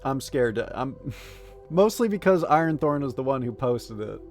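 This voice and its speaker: A man's voice: mid-range voice, lively intonation, normal speed, a little mellow, soft background music. A man streaming live, chatting casually and joking as he reads game text and chat messages aloud.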